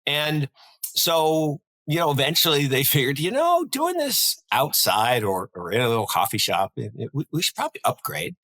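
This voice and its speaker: A man from North Carolina co-hosting a markets podcast, telling history in a rambling, animated way with many restarts. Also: a little high, moderate pace, low-quality recording. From North Carolina, USA. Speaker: podcast co-host. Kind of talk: casual market chat.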